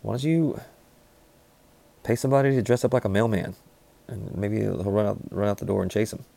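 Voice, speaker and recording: A man in rambling, deadpan comedic banter, riffing with frequent restarts. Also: fairly low pitch, fairly quick, gravelly, dry recording.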